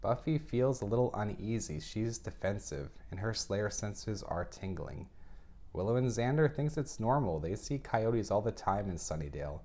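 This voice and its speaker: A man walks through a novel's plot in a relaxed, conversational way. His voice sits fairly low, and he keeps breaking off for dry, joking comments of his own. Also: normal speed. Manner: chatty, wry asides with laughs. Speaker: book review host. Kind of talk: casual book recap.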